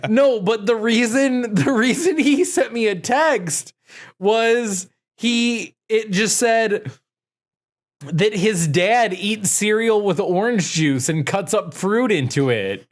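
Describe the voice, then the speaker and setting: A podcast co-host with a high, expressive voice speaks at a slow pace on a comedy podcast. He banters casually, joking and swearing, and often trails off into fillers.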